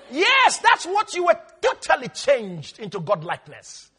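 A man's voice: very high-pitched, wildly swooping pitch, measured pace, pushed and bright. A male preacher giving an emphatic sermon, calling on the listeners to respond and quoting scripture.

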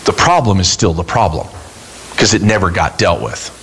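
A man preaching a sermon as a pastor, casual and animated, acting out the people in his stories. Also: deep voice, normal speed, gravelly, husky. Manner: animated, acts out quoted voices, bursts into shouts.

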